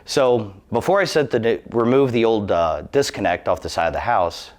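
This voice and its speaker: A man's voice: fairly low pitch, moderate pace. A man in his thirties telling a personal safety testimonial in an earnest, emphatic, cautionary way. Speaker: employee giving a safety testimonial.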